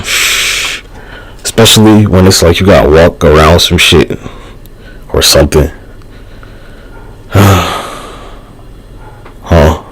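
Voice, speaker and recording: Very deep voice, husky, man, rambling livestream chat, profane and slangy. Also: slow pace, long pauses, a bit bright, no echo, poor audio. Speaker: live streamer. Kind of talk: rambling casual livestream talk.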